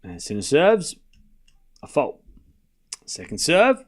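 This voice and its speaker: A man streaming a tennis watchalong, calling every shot in rapid play-by-play and bantering teasingly with his chat. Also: on the high side. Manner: rapid rally calling, bursts into excited shouting on big points. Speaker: live tennis watchalong commentator. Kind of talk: live stream play-by-play commentary.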